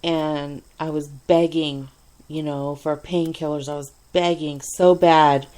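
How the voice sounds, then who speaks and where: A woman telling a personal hospital story in a casual, animated way, swearing often and laughing between lines. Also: deep voice, takes it slowly. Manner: animated, profane, frequent laughs and fillers. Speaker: radio show host telling a personal story.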